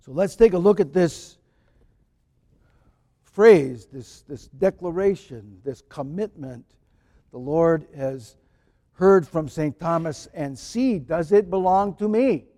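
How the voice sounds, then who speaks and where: A man, a priest, giving a sermon in a slow, deliberate way, sometimes pausing with small fillers. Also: fairly high pitch, animated, warm tone, long reverb tail.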